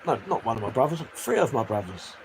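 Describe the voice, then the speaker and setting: A man's voice: mid-range voice, big pitch swings, fast. An English man chatting casually and crudely on a live stream, reading out chat messages and laughing often. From England. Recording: faint background noise.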